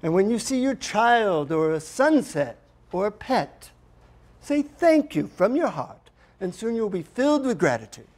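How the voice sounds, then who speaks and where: A patient, wise old teacher of the spirit, as a man puts him on, speaking high and light. He lays out his lesson gently and in measured steps. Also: big pitch swings, exaggerated voice. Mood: instructive. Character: calm wise male guru in India, patient teacher.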